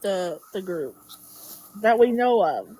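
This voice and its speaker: A woman's voice: medium pitch, lively intonation, slow, dark tone, slightly rough. A woman in a casual livestream chat, agreeing emphatically and backing up her friends.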